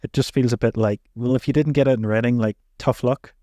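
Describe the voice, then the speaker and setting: A man's voice: mid-range voice, fairly even intonation, brisk, mellow, no echo, clean studio sound. A man co-hosting a podcast in casual political chat, asking easygoing questions. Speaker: podcast co-host.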